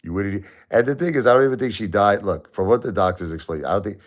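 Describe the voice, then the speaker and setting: A man hosting a livestream, grieving and halting as he talks, often repeating himself. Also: fairly low pitch, expressive. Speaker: livestream host. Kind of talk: emotional livestream talk.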